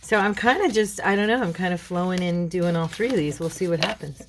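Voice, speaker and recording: Chatty low-voiced woman with a gravelly edge. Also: fast talker, background noise. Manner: rambling, chatty, addresses viewers as girls. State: frog in her throat, clearing it. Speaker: craft channel host. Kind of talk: casual crafting chat.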